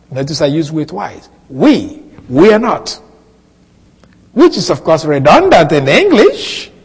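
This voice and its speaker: A male pastor preaches in a high, lively voice that swoops up and down as he leans on repeated phrases for emphasis. His tone is husky, and a long hall reverb trails behind each line. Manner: expressive, swooping delivery with emphatic repetitions. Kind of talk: sermon.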